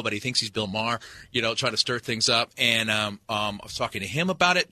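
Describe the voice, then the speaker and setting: A man telling stories in a casual radio interview, animated and full of restarts, as a comedy performer who is a guest. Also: mid-range voice, dry recording. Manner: animated storyteller, halting restarts.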